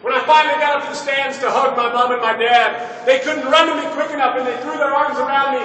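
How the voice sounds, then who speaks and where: A young man giving an energetic motivational speech to children, calling out to the audience for responses. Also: very high voice, quick pace, hardly any pauses. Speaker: motivational speaker. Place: large echoey hall. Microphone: distant mic. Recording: echoey hall, distant mic, noisy.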